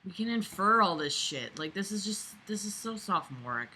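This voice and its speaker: A woman reading a book aloud and mocking it, swearing and breaking into loud sarcastic rants. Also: mid-range voice, sing-song, normal speed, slightly rough. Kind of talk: sarcastic hate-read commentary.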